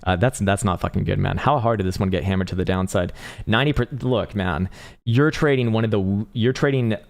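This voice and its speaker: Casting: young male livestream host, very low voice, relaxed, swears casually, laughs a lot while reading chat. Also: brisk, creaky. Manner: laid-back, swears casually, laughs often, answers chat. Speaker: trading analyst livestream host. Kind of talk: casual live chart analysis.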